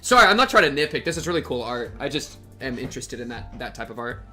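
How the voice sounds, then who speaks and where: A young man streaming live, commenting on a game in an excitable, rambling way, with many fillers. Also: medium pitch, fast, soft background music.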